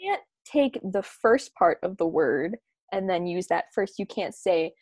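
A woman's voice: on the low side, animated, unhurried, a little mellow, no echo, clean studio sound. A young woman from Long Island, chatting casually and playfully, laughing often and full of slang. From Long Island, New York. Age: young adult. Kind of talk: casual chat.

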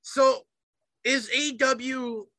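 A man's voice: extremely high pitch, steady tone, takes it slowly, bright, forceful tone, dry recording, poor audio. A man co-hosting a casual chat show, ranting animatedly and swearing often. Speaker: podcast co-host.

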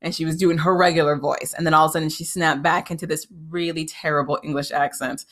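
A woman with a slightly low-pitched speaking voice talks through a TV episode in a casual, opinionated recap. She is frank and critical, peppers her talk with "like" and quick restarts, and her voice leaps upward whenever something exasperates her. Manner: animated, with sudden jumps up in pitch when exasperated.

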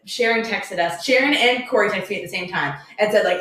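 A woman's voice: mid-range voice, brisk. Chatty young woman in an echoey room. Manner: animated storyteller, laughs often, many "like"s. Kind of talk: casual chat.

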